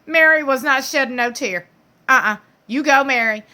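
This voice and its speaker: A chatty woman with a bright, forward voice that sits a little high, recapping a reality show. She talks in a sassy, gossipy way, full of slang, and drops into playful mocking impressions of the people she discusses. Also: moderate pace.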